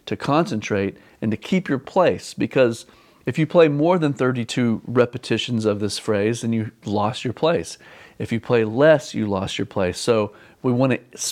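A man teaching an online drum lesson, patiently repeating instructions and counting beats aloud. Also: medium pitch.

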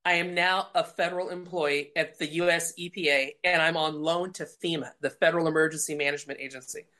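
A woman's voice: deep voice, a little fast. A middle-aged woman from Colorado, a guest telling a personal faith story and acting out the voices in it. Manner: lively storyteller acting out quotes.

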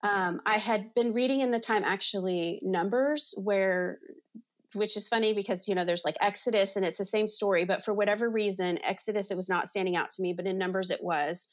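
A woman's voice: medium pitch, brisk. Earnest chatty woman sharing a testimony. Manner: earnest, chatty, many fillers like "you know" and "like". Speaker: interview guest, counselor and recovery ministry leader. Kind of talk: personal testimony in conversation.

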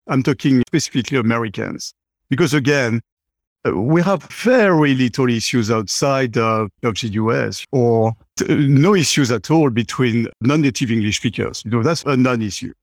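A man's voice: medium pitch, animated, normal speed, dry recording, studio quality. A middle-aged man, a chatty interview guest who fills his talk with "you know". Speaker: guest, company CEO. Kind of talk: conversational interview.

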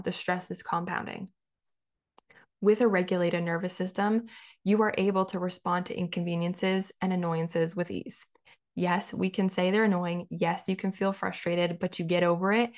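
A woman in her thirties hosting a solo podcast, talking conversationally and repeating phrases for emphasis. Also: fairly low pitch. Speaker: podcast host.

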